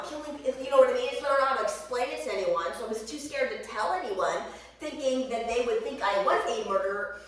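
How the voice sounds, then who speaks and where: A woman's voice: mid-range voice, far from the mic. A candid, rambling woman chats loosely to her viewers while she stretches, swearing now and then. Her voice sits well back from the mic and rings around a very echoey room. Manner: rambling, candid and profane, with laughs. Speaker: vlogger. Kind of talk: casual chat to camera.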